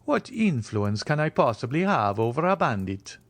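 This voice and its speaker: A man voicing a polite, curious young male gentleman in an audiobook reading, speaking courteously and asking questions. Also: medium pitch, big pitch swings, normal speed, no echo.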